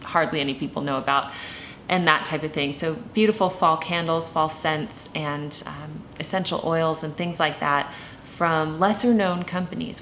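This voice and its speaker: A woman in her thirties talking casually to camera as a lifestyle vlogger, gentle and chatty with many ums and you-knows. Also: low-pitched, slight background noise. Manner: tearful, emotional, laughing through tears.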